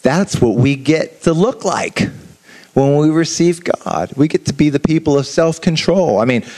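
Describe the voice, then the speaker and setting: A man giving an informal sermon, talking in an animated, conversational way with asides to the listeners and frequent restarts. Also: fairly high pitch, measured pace. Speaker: preacher. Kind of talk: informal sermon to a youth audience.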